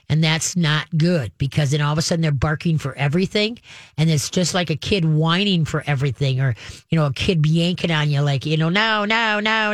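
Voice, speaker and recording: A man's voice: a little high, no echo, clean studio sound. A man hosting a call-in radio show on pet advice, talking in a folksy, rambling way with many fillers and restarts. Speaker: radio pet expert host.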